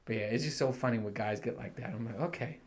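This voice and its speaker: A man's voice: fairly low pitch, steady tone, fast, a little hiss or hum. A young man hosting his own podcast, chatting casually with plenty of swearing and frequent laughter. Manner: laid-back and profane, laughs often, quotes coworkers in mock voices. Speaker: podcast host. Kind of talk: casual solo podcast monologue.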